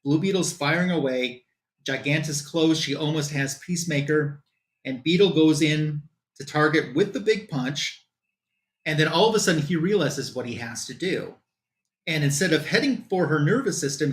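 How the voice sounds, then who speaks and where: A man on a comic book show, casually recapping a plot in loose quoted dialogue with lots of fillers. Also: a little high.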